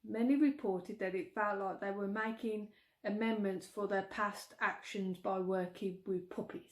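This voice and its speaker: A woman's voice: mid-range voice, fairly even intonation, measured pace. A middle-aged woman with a Birmingham accent, vlogging in a chatty way, giggling and stumbling over words. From England. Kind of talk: casual chat.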